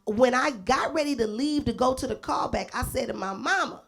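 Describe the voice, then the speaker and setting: A middle-aged woman from Los Angeles, a guest actor telling lively stories in a live stage interview, acting out the voices of the people in them and laughing often. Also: fairly high pitch, moderate pace, soft background music. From Los Angeles, USA.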